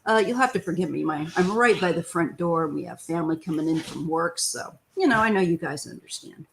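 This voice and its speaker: A woman's voice: lowish voice, animated, brisk, vocal fry, a little hiss or hum. A middle-aged woman hosting a casual live-stream tarot chat from home, greeting viewers by name in an easygoing way. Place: home, near the front door.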